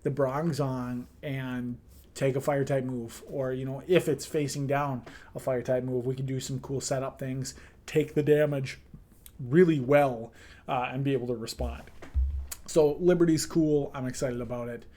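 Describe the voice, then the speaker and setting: A man's voice: mid-range voice, steady tone, normal speed, warm tone. Chatty man with lots of ums. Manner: loose and chatty, many "um"s, playful slang. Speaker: draft league team manager. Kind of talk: casual team review.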